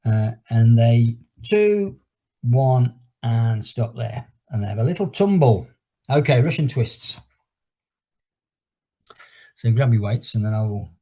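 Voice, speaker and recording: A middle-aged man with a husky, slightly breathy voice runs a fitness class over a video call. He chats in a rambling way and stops now and then for countdowns. His pitch sits in an ordinary middle range for a man. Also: expressive, slow pace, long pauses, warm tone. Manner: chatty and rambling, breaks off to count down exercises. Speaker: fitness instructor. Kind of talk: leading an online exercise class while telling a story.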